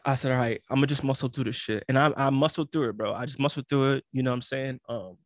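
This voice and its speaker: A young man in casual chat, telling a story in a slangy, animated way and acting out the other people in it. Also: mid-range voice, fast, no echo, clean studio sound. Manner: slangy, animated storytelling with frequent laughs and acted-out quotes.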